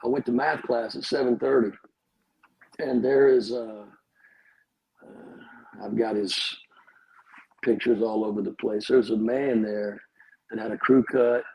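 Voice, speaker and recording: A man's voice: mid-range voice, fairly even intonation, unhurried, gravelly, pauses often, a little mellow, breathy edge, rough recording. A middle-aged pastor, telling his life story as a podcast guest with humorous, wry asides.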